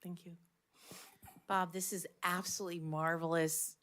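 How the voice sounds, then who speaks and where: A woman's voice: lowish voice, little pitch movement, normal speed, fairly bright tone. A woman serving on a committee, precise about details and enthusiastic in praise. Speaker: committee member. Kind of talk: meeting discussion.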